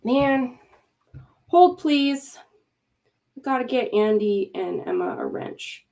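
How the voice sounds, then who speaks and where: Her voice is fairly high, warm, and creaky, animated yet unhurried, as she hosts a livestream. She launches into an exasperated, emphatic rant full of free swearing, pausing mid-rant to talk to her chat and mods.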